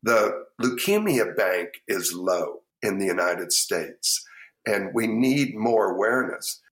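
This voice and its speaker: An older man with a Texan accent, a chef telling lively anecdotes in an interview and acting out the people in them. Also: lowish voice, slow. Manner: lively anecdotes, acts out quoted voices. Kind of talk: storytelling interview. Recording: echoey room.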